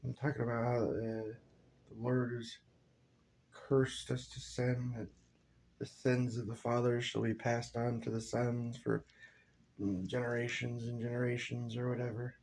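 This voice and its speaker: A man who has just woken up talks in a rambling, halting monologue, trailing off and sighing. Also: mid-range voice, level tone, gravelly, darkish tone, a little hiss or hum. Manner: halting, rambling, full of fillers and sighs. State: drowsy, just woke up.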